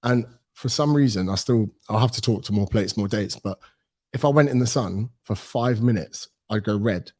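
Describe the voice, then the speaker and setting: A man's voice: on the low side, moderate pace. A British man in his thirties, a personal trainer talking as a podcast guest, telling stories and acting out quoted dialogue. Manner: animated storyteller, acts out quoted dialogue. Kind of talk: casual podcast interview.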